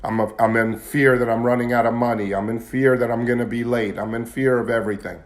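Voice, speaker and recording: A man's voice: mid-range voice, steady tone, fairly quick. A man giving a candid, confessional talk at a recovery meeting, at times building into agitated intensity. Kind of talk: personal testimony talk.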